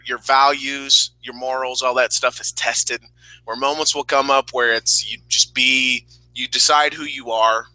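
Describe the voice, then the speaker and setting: A man's voice: medium pitch, sharp tone, dry recording, poor audio. A man co-hosting a casual wrestling review podcast, rambling and candid, sometimes emotional. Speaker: podcast co-host.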